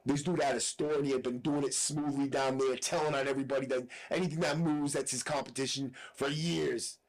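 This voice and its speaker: A man's voice: mid-range voice, fairly even intonation, fairly quick, low-quality recording. A man hosting a podcast, telling a story in a blunt, profane, casual way with frequent asides. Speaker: podcast host.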